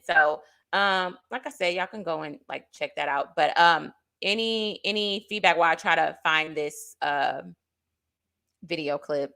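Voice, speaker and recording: A woman's voice: on the low side, a little slow, sharp tone. A woman hosting a casual panel chat, putting direct questions to her guests. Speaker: host.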